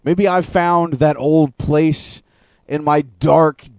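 Profane, ranting radio host, dry sound. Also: male voice, fairly high pitch, fairly even intonation, slow, a little mellow, no echo. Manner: profane, ranting, stammering restarts. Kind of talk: casual radio talk.

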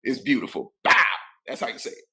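A man's voice: medium pitch, normal speed, fairly bright tone. A man co-hosting a podcast in a laid-back, joking casual chat. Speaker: podcast co-host.

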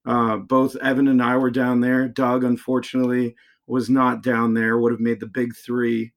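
A man's voice: medium pitch, monotone, moderate pace. A man hosting a sports podcast, talking with enthusiasm and dramatic flair. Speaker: podcast host.

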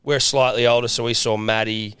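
A man co-hosting a podcast, asking relaxed, friendly interview questions. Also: medium pitch, brisk, clear, resonant tone. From Australia. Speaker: podcast co-host. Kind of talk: casual interview chat.

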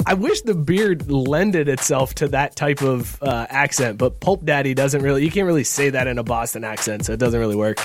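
A man's voice: medium pitch, normal speed, few pauses, music in the background. A man hosting a casual podcast chat over a video call, loose and joking, laughing often. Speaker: podcast host.

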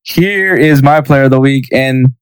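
A man's voice: medium pitch, unhurried, clear, resonant tone, no room sound, low-quality recording. A man co-hosting a casual soccer podcast, speaking hesitantly with stammers and restarts. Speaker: podcast co-host. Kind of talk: casual sports chat.

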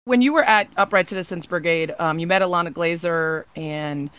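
A woman hosting a podcast, interviewing a guest and explaining word origins in a measured, explanatory way. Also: lowish voice, fairly bright tone, clean tone. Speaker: podcast host. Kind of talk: interview and scripted word-of-the-week segment.

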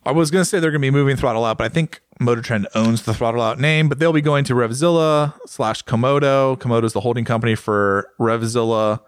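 A man's voice: medium pitch, fast, hardly any pauses. An American man co-hosting a podcast in a casual chat, rambling and joking as he tells stories. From United States. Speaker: podcast co-host.

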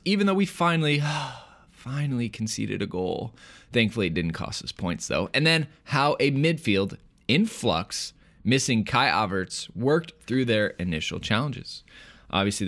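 Give me a man with a low voice hosting a relaxed podcast, quick to laugh. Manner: laughs easily, leads the talk. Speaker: podcast host. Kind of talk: casual chat.

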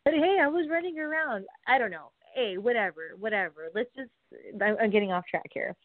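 A woman telling a rambling story in a casual vlog, full of fillers and asides, dropping to hushed whispers and then bursting out. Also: fairly high pitch, expressive, fairly quick, no room sound. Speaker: wrestler. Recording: tinny phone-like, dry sound.

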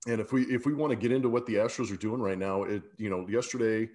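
A man's voice: lowish voice, quick pace, a little mellow. A man hosting a sports podcast, talking casually and reading ads with a scratchy morning voice. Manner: laid-back, fillers and restarts, ad reads. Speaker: podcast host.

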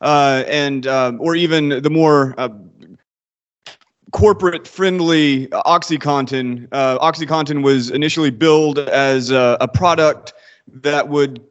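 A man being interviewed as an author, answering in a measured, thoughtful way with frequent hesitations. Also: on the high side, dull audio.

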